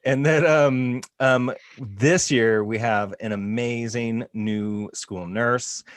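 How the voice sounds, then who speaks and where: A man's voice: medium pitch, fairly even intonation, slow pace, no echo. A man, a school counselor hosting a school podcast, talking upbeat and joking with guests. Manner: upbeat, joking, talks to students. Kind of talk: casual podcast chat.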